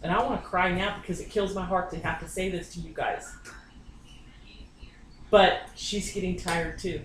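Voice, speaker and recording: A woman's voice: lowish voice, fairly bright tone, a little hiss or hum. A woman psychic medium giving a reading in someone's home, talking bluntly and insistently and swearing often. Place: inside a private home. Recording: echoey room, distant mic, faint ambience.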